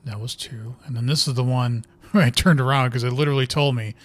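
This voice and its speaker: Man, gamer, casual let's-play commentary, muttering, thinking aloud, mid-pitched voice. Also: steady tone, fairly quick, dry recording. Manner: muttering, thinking aloud, reading in-game notes while playing. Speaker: gamer playing through a horror video game.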